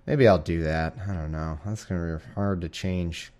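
A man's voice: low-pitched, fairly even intonation, moderate pace, darkish tone. Rambling young man hosting a podcast. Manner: rambling, self-deprecating, with many restarts and asides. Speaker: podcast host. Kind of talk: casual chat and scripture reading. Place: home living room with a cat.

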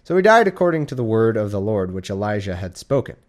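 A man with a lowish voice reads scripture in a loose, irreverent way, sounding a little drowsy in a warm room. He keeps stopping to joke and paraphrase, and he lifts into hammy, mock-dramatic voices for the quoted lines. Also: big pitch swings, fast talker. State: drowsy, sleepy. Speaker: casual Bible reader. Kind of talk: irreverent casual reading with commentary.

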